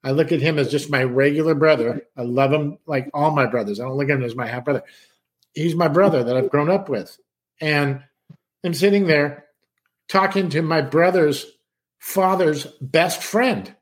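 A man's voice: a little high, normal speed. A middle-aged man from San Diego telling a long personal story in casual chat, acting out other people's lines and swearing casually. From San Diego, California.

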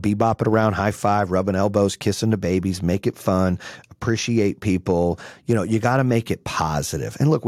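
A man's voice: sits low, darkish tone, husky, dry recording, studio quality. Brash, profane motivational man in his forties. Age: 40s. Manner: brash, blunt and swearing. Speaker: business coach.

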